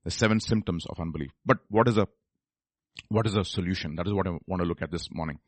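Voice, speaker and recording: A man preaching a sermon, moving between low murmured asides and loud, high exclamations and questions to the congregation. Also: fast, no echo. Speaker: pastor.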